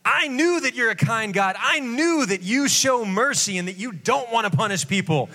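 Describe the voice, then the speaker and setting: A man's voice: expressive, moderate pace, sharp tone, exaggerated voice. A man putting on a whiny, sulking prophet. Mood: whining. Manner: complaining, exasperated, high-pitched whine. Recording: long hall reverb.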